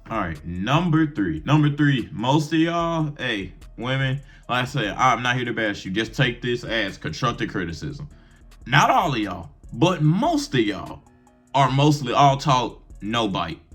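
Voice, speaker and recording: A young man giving blunt, profane relationship advice to camera in brash slang, firing off rhetorical questions. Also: medium pitch. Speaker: advice vlogger.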